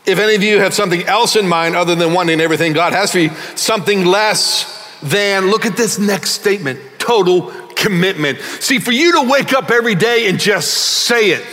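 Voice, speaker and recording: A middle-aged male pastor preaching a sermon emphatically, swinging between loud bursts and quiet asides in a large church hall. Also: high-pitched, brisk.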